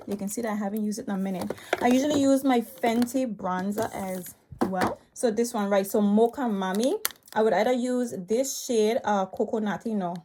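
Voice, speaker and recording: A chatty woman reviewing her makeup in a loose, rambling way, her talk full of fillers and keen asides. She sounds a bit out of breath, recording on a tablet she holds, with a faint hiss and the odd click behind her. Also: on the high side. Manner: rambling, enthusiastic, full of fillers like "you know" and "um". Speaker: beauty vlogger. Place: home room cluttered with makeup. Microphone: tablet held in hand.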